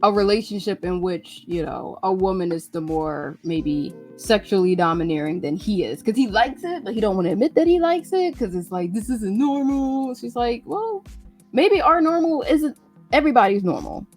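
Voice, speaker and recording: A woman hosting a live radio stream, chatting casually and animatedly, sometimes jumping into quick acted lines. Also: medium pitch, soft background music. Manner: animated, acts out characters' lines in quick bursts. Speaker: radio show host. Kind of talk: casual chat recapping manga.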